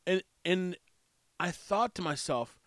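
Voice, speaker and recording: A man's voice: high-pitched, takes it slowly, a bit bright, no echo, studio quality. A man with stuffy sinuses who owns a barbecue restaurant, telling stories in a casual monologue and acting out both sides of conversations. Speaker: barbecue restaurant and brewery owner.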